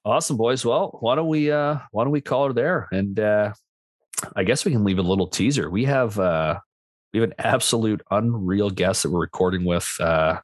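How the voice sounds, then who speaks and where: A man's voice: on the low side, moderate pace, no room sound, clean studio sound. A man hosting a casual hockey podcast, telling stories loosely with plenty of fillers. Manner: laid-back storyteller, lots of fillers. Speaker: podcast host. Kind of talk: casual chat.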